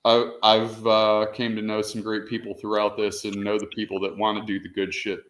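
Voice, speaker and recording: A man hosting a podcast in casual chat. His voice is bright and forward, and he talks crude and teasing, breaking into loud laughs. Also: fairly low pitch, monotone, normal speed.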